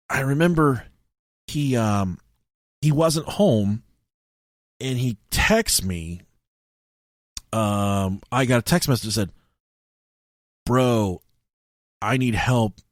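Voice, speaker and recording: A young man co-hosting a podcast, telling stories in a casual, animated way, swearing often and shouting when acting out scenes. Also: fairly low pitch, dry recording, clean studio sound. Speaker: podcast co-host.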